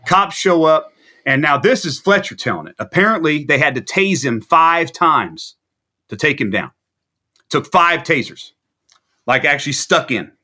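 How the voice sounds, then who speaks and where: A man's voice: on the high side, unhurried. A man guest on a video interview, telling a long rambling story and acting out the people in it. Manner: rambling anecdotal storyteller, animated quoting. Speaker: musician guest.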